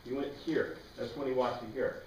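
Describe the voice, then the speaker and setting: A man's voice: medium pitch, steady tone, moderate pace, a little mellow. A man teaching an informal Bible study class, rambling through the passage with asides and restarts. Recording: roomy sound, mic at a distance.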